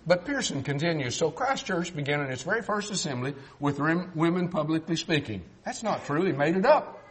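A man's voice: a little high, lively intonation, fairly quick. An older man from South Texas preaching a sermon, folksy and emphatic, mixing Bible argument with family stories.

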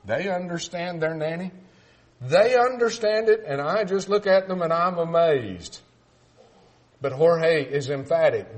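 A man's voice: a little high, lively intonation, a little slow. An older man from South Texas preaching a sermon, folksy and emphatic, mixing Bible argument with family stories.

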